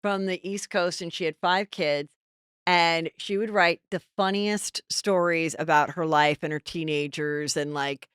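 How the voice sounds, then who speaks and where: A middle-aged woman hosting a podcast, telling stories in a chatty, animated casual chat. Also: on the low side, measured pace, clean tone, no room sound, studio quality. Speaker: podcast host.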